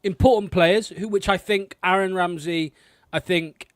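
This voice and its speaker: A man's voice: sits high, fairly even intonation, measured pace, dry recording, clean studio sound. A man co-hosting a long live fan stream from home, blunt and casual in his banter. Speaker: fan podcast co-host.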